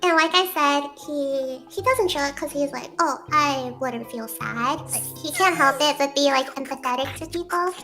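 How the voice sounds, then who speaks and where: High-voiced woman guest, casual explainer, filler-heavy, music behind. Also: normal speed, hardly any pauses, sharp tone. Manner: storytelling with lots of fillers.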